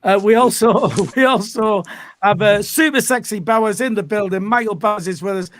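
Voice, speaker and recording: A man hosting a live football fan stream, upbeat and chatty, often pausing mid-sentence. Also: sits high, a bit bright. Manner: upbeat, chatty presenting with frequent hesitations. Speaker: host.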